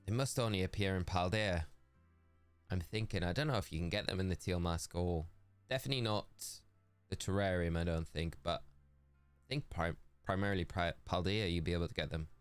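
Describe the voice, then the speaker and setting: A man's voice: deep voice, clear, resonant tone, no room sound. A young man streaming a game, chatting casually and in a friendly way with viewers and calling them "mate". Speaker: gaming streamer. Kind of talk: casual live-stream chat.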